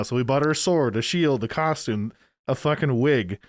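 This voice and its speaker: A man's voice: medium pitch, moderate pace, no echo. A man co-hosting a podcast in casual chat, rambling with lots of restarts and fillers and swearing freely. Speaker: podcast co-host.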